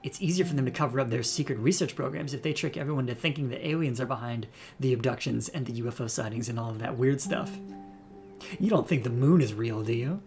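A man's voice: mid-range voice, fast, darkish tone, soft background music, lightly acted. A man voicing a chatty young female cryptid-hunting vlogger in a put-on Southern US accent, breezy and rambling. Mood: folksy.

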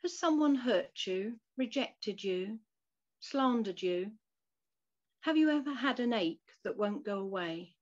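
Slow, soft-spoken woman reading a devotional. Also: on the high side, expressive. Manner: soft, measured, reflective. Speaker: devotional reader. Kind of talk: reading a devotional story and prayer aloud. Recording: dull lo-fi recording.

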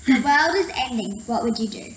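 High girl reading dares off a list, roomy echo, faint room hum. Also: expressive, moderate pace, a bit bright. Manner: reads prompts off a list. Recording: echoey room with faint ambient noise.

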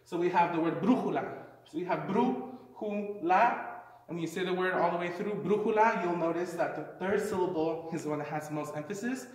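Man, high voice, casual teacher, explanatory, heavy room echo, far from mic. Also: fairly even intonation, quick pace, few pauses. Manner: casual, explanatory, uses fillers. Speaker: Spanish teacher. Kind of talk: classroom lesson.

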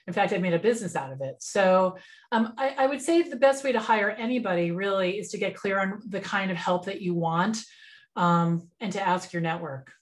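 A woman's voice: medium pitch, normal speed. Chatty woman mentor on a webinar. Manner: relaxed, chatty, frequent fillers and restarts. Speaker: business mentor giving a webinar. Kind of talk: conversational webinar presentation.

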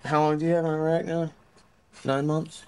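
A man's voice: on the high side, little pitch movement, normal speed, darkish tone, clear, resonant tone, low-quality recording. A male soldier filming with a camcorder, asking questions in a laid-back, profane way. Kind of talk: casual chat. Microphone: holding the camcorder.

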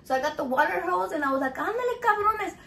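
High-voiced, foul-mouthed woman. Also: racing, vocal fry, a little hiss or hum. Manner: crude, profane, animated storytelling. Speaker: home cook filming a recipe video. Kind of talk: casual cooking vlog chat. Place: home kitchen.

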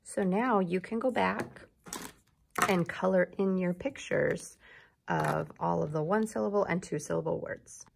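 A woman teacher giving a slow, encouraging recorded lesson to young children, prompting them to repeat words. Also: on the low side, vocal fry, slight background noise.

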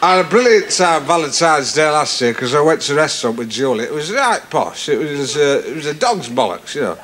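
A loutish lewd pub comic. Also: male voice, on the high side, sing-song, a little fast. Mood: boastful. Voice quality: crude, rambling, full of fillers. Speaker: stand-up character comedian. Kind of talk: stand-up character monologue. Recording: old TV broadcast, loud live studio audience, noisy tape.

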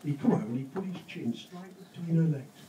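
A man's voice: on the high side, lively intonation, fast talker, dark tone, highs cut off. A man telling crude jokes on stage, swearing and laughing at his own punchlines. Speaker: stand-up comedian. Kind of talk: stand-up joke telling. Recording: roomy, distant, noisy live recording.

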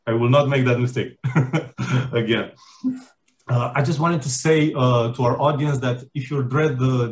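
Hesitant male host. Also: medium pitch. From Romania. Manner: hesitant, many fillers and restarts, laughs easily. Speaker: conference host. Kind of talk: casual conference introduction.

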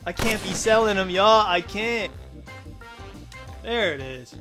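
A man's voice: high-pitched, expressive, takes it slowly, music in the background. A young man giving live gameplay commentary as a gaming YouTuber, hyped and full of slang as he trash talks opponents. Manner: hyped, slangy trash talk to teammates and viewers. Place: home gaming setup in front of a TV.

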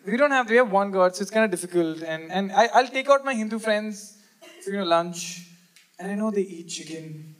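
A young man from India performing stand-up comedy, animated and jokey, acting out quick bits of dialogue. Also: sits high. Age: 20s. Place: live comedy venue with audience.

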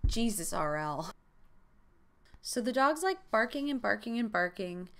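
A woman's voice: medium pitch, very animated, unhurried, fairly bright tone. Sarcastic young woman recapping a book. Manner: sarcastic, jokey asides. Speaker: podcast host.

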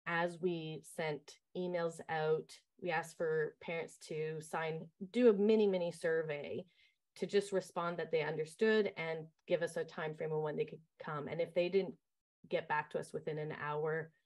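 Casting note: camp director, woman, fairly low voice, chatty and animated, telling camp stories with lots of ums. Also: moderate pace. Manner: lively, acts out quoted voices, many fillers. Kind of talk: casual interview storytelling.

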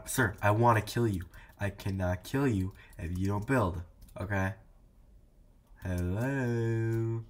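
A man's voice: low voice, darkish tone. A young man giving casual, playful gameplay commentary, teasing the players and talking to his viewers. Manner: playful, teasing, talks to viewers while playing. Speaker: gaming YouTuber.

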